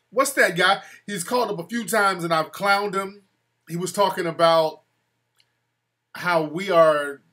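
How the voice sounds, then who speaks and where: A man's voice: a little high, sharp tone. A man hosting a live call-in show, mocking callers in loose street slang. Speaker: host.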